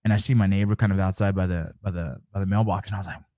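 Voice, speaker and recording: A man's voice: low-pitched, steady tone, very fast, dark tone, no echo, studio quality. A man hosting a casual live stream, chatting with viewers, joking and telling stories. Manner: joking, storytelling, reacting to chat.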